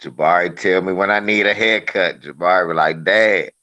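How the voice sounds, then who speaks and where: A man's voice: low-pitched, brisk, highs cut off. A middle-aged man in a casual chat, swearing freely and laughing as he tells stories about his kids. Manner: profane, laughing, animated storyteller.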